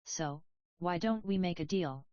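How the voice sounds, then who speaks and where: A woman's voice: lowish voice, measured pace, darkish tone, no echo, lightly acted. A woman voicing an earnest, thoughtful cubehead heroine in a storybook reading, on a dull, dry lo-fi recording. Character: soft-spoken blue cubehead heroine, young woman, earnest.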